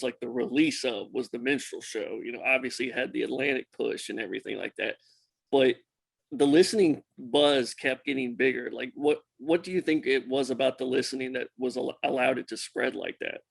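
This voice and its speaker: A man hosting a podcast asks measured, thoughtful questions in a gravelly voice. The sound is dry and close, with no room around it. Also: medium pitch, steady tone, dry recording. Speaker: podcast host. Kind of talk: interview questions.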